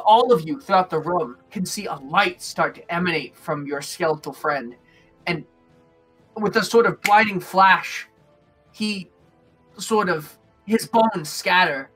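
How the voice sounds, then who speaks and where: A man narrating as game master of a tabletop game, describing scenes with frequent pauses. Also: sits high, bright, forceful tone. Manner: descriptive, hesitant with fillers.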